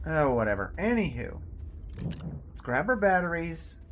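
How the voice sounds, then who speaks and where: Animated man narrating his gameplay. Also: moderate pace, a little hiss or hum. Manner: chatty, talks to himself and to game creatures; animated, jumps up loud and high when excited. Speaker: gameplay video host. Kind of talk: casual gameplay commentary.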